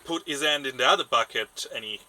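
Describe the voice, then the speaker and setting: A man running a tabletop game as game master, narrating what happens in a halting, stop-start way. His voice is very bright and tense. He restarts his phrases often. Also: medium pitch, a little hiss or hum, poor audio.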